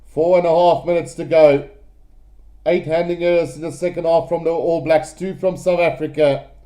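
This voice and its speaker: A man calls a rugby match live, his voice pitched high for a man yet dark and mellow in tone. He speaks straight to his viewers, piling excitement onto every phase of play. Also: moderate pace.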